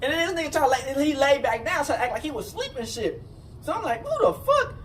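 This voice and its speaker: A man casually telling a rambling, profane story, full of fillers and restarts. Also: fast. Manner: rambling, animated, profane, repeats "you know what I'm saying". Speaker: storyteller recounting a jail fight. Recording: distant mic with faint rumble.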